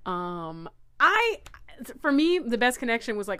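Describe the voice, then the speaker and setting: A woman's voice: fairly high pitch, a little slow, clear, resonant tone, no room sound. A young woman co-hosting a casual chat, telling a dating story with lots of laughter and acted-out quotes. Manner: animated, laughs often, acts out quoted voices.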